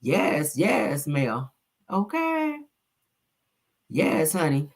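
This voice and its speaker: A woman hosting a casual gossip live stream, sassy and animated with lots of call-outs to chat. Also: fairly low pitch, brisk.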